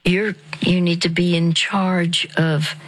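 A woman counselor guiding a breathing exercise in a soft, half-whispered, slow way. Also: lowish voice, little pitch movement, low-quality recording. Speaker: Christian counselor.

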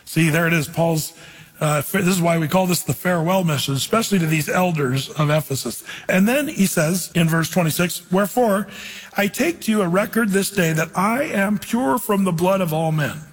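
A man preaching a sermon in a conversational, storytelling way, slowing down to read scripture aloud. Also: high voice, expressive, husky, big-room sound. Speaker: pastor.

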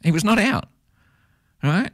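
A man's voice: high-pitched, sing-song, a little slow. Chatty man hosting radio. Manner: chatty, laughing, acts out little quoted exchanges. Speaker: radio host. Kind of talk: casual radio chat.

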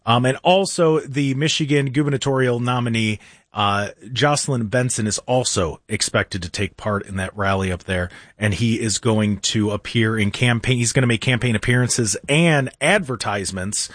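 A man's voice: mid-range voice, moderate pace, a bit bright, no echo, clean studio sound. A man in his thirties hosting a talk radio show, rambling through an opinionated monologue with sarcastic, mock-earnest asides. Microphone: studio microphone.

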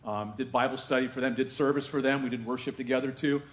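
A man's voice: mid-range voice, fairly even intonation, quick pace. A man pastor giving a sermon in a church, speaking in a conversational way with frequent asides to the congregation. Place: church sanctuary. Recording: echoey church room.

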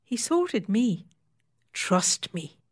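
A woman's voice: medium pitch, sing-song, extremely slow, slightly rough, voice pushed up, heavily acted. A woman voicing a worldly, well-connected female client who talks in a confiding, grimly knowing way.

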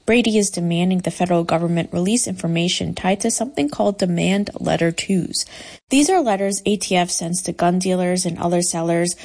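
A woman filing a clear, steady news report as a correspondent. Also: on the low side, a little fast.

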